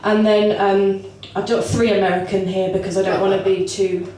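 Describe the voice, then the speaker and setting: A woman's voice: medium pitch, flat delivery, normal speed, mellow, slight background noise. Woman, stand-up comedy, self-deprecating rambling, has a cold, distant mic, echoey club. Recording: echoey club recorded from far off with audience. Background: live audience.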